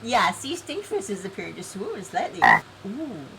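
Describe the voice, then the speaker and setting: A woman's voice: medium pitch, big pitch swings, unhurried, fairly bright tone, slight background noise, rough recording. A woman live-streaming an online game event, chatty and giggly, reading game text aloud.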